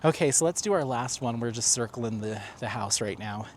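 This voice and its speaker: A man with a mid-range voice talks briskly over a faint hiss or hum. He's vlogging outdoors on a neighborhood street while walking his dog, chatting loosely, reading viewer comments aloud, and filling his speech with fillers and restarts.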